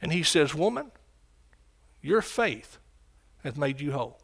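Impassioned preacher, fairly high voice. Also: male voice, sing-song, a little slow, gravelly. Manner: impassioned, rising to shouts and dropping low. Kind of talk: sermon.

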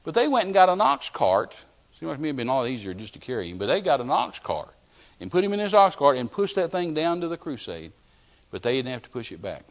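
A man preaching a sermon, telling a healing story in an animated way and acting out the scenes. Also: fairly high pitch, fast. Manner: animated storyteller who acts out scenes and shouts commands. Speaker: evangelist preacher. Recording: dull lo-fi sermon recording.

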